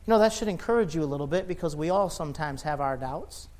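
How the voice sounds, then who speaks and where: A man preaching a sermon with passion, rising to loud shouts and dropping to quiet, low lines. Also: lively intonation, fast. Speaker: pastor.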